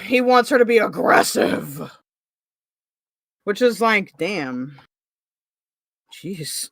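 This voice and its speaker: A woman's voice: mid-range voice, expressive, drawn-out words, fairly bright tone, dry recording. A woman hosting a podcast, reading a novel aloud and mocking it in crude, exasperated casual chat. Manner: crude, exasperated, swears often.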